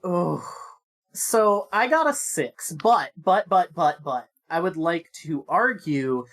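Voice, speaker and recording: A woman's voice: on the low side, animated, a bit bright. A woman playing a tabletop game, chatting casually and checking the rules. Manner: rules-focused, quick asides. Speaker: player. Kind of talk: casual chat.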